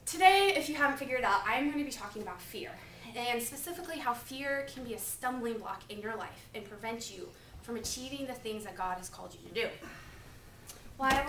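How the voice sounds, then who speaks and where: A woman in her twenties giving a topical sermon as a preaching student, telling personal stories in a chatty, animated way full of "like". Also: fairly high pitch, a little hiss or hum. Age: 20s. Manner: chatty, animated, filler-heavy with lots of "like". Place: classroom. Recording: echoey classroom, mic far off.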